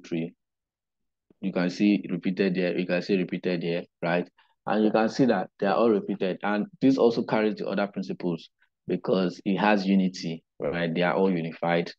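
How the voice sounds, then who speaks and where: A man teaching a digital marketing class online, unhurried and explanatory, often checking in with "right?". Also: deep voice, a little mellow, muffled recording. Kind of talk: live online class lecture.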